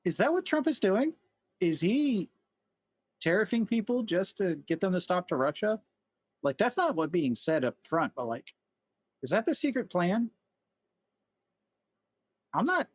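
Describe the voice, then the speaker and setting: A man's voice: high-pitched, sing-song, a little slow, long pauses, slightly rough, no echo. A man hosting a reaction video, chatting casually with rambling jokes and unsure asides.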